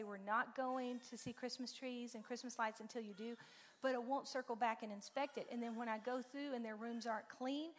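Animated woman speaking in a reverberant hall. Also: fairly high pitch. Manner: animated storytelling, acts out her own lines. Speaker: church parenting group speaker. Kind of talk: informal talk to a group. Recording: long reverb in a large room.

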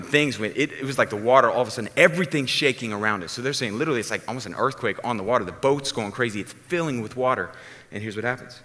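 A man preaching a sermon as a pastor, telling the story casually and acting out the people in it. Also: mid-range voice. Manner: casual, animated storytelling with acted-out voices. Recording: long hall reverb.

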